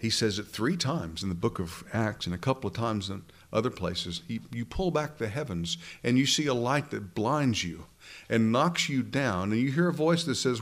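A man's voice: medium pitch, animated, moderate pace. A man pastor preaching a sermon, earnestly addressing his congregation directly.

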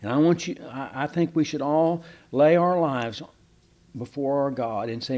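A man's voice: medium pitch, moderate pace, darkish tone. A pastor preaching a sermon in a folksy, conversational way, asking his listeners questions.

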